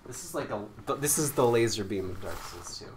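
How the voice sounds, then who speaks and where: A young man streams a game with loose, jokey commentary. His voice sits at an ordinary middle pitch and jumps into loud outbursts now and then. The room is echoey and carries a faint noise underneath. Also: animated, brisk. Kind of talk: casual live-stream commentary.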